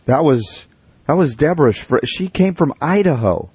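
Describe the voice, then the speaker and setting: A man's voice: on the high side, expressive, moderate pace, a little mellow, slightly rough, no echo. A man hosting a radio talk show, speaking with emphatic enthusiasm. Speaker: radio host.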